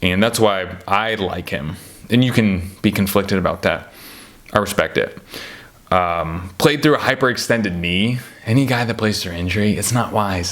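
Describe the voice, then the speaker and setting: A man in casual chat about basketball players, rambling and getting worked up as he talks, full of fillers and asides. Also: low voice. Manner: animated, rambling, gets worked up. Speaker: podcast host ranking basketball players.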